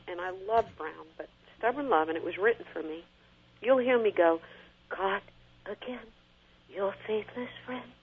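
A middle-aged woman with a husky voice, an interview guest talking animatedly about her singing and sometimes singing short phrases. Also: mid-range voice. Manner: animated, sings short snippets to illustrate. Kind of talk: conversational interview. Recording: tinny phone-like line.

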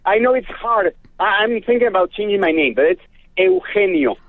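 A man with a Mexican Spanish accent, a guest actor on a phone interview, hesitant with fillers and quick to laugh. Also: high voice, animated. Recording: tinny phone line.

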